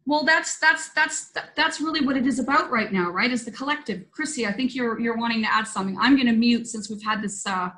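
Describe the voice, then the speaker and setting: A woman's voice: on the high side, brisk, hardly any pauses, bright, forceful tone, low-quality recording. A woman hosting a spiritual roundtable over a video call, telling a story in an earnest, loose, conversational way. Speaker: host.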